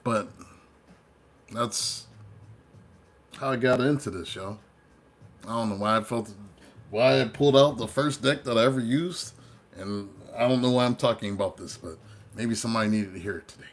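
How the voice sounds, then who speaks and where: A male tarot reader tells his story to viewers in a loose, chatty way and drifts from one thought to the next. His voice sits in an ordinary middle pitch and is picked up by a close camera mic. He sounds relaxed and unscripted. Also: normal speed, long pauses, a little hiss or hum. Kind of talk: casual storytelling monologue.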